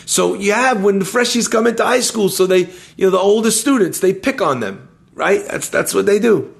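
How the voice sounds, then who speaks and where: A man teaching a lively Torah lesson, telling stories and using Hebrew terms. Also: high voice, moderate pace, creaky. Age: adult, schooled in yeshiva. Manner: animated storyteller, uses Hebrew terms.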